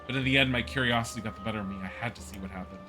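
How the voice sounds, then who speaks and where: A man's voice: on the low side, rapid-fire, music in the background, lightly acted. Man reading as a shaken townswoman witness. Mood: distressed. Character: upset middle-aged townswoman witness. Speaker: streamer.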